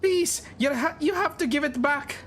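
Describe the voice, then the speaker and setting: A man's voice: normal speed, fairly bright tone, slight background noise. A man doing a frantic old woman. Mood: distraught. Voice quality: high, tearful pleading voice. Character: frantic elderly woman, a robbed nursemaid.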